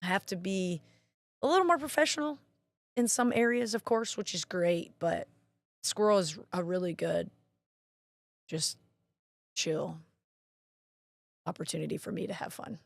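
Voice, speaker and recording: Chatty woman with a gravelly edge. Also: lowish voice, measured pace, long pauses, no room sound. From Mississippi. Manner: chatty storyteller, acts out quoted voices. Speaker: interview guest, National Guard marketing director. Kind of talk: casual interview chat.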